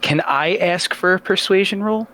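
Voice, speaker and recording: A man chats casually at a tabletop game and eagerly talks through his plans. His voice sounds bright and forceful. Faint noise sits underneath it. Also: high voice, moderate pace. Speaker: player.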